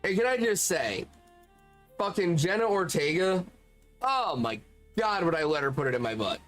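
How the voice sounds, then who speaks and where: A man's voice: sits high, sing-song, normal speed, a bit bright, soft background music. A man streaming and chatting casually with his chat, swearing freely and often laughing.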